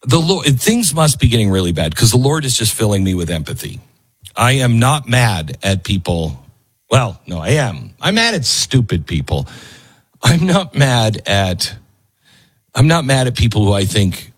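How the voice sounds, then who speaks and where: A man's voice: fairly low pitch, sing-song, measured pace, breathy edge, no room sound. Talk show host, middle-aged man. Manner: conversational, self-interrupting, with fillers. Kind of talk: talk radio monologue and ad read.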